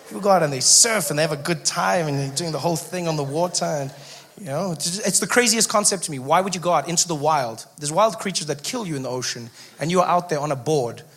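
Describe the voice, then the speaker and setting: A man's voice: a little high, a bit bright, slight background noise. A young man doing stand-up comedy, telling stories animatedly and acting out voices.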